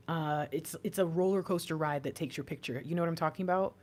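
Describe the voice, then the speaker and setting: Low-voiced excitable woman reading tarot. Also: fast. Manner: rambling, excitable, breaks into laughs. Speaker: tarot reader.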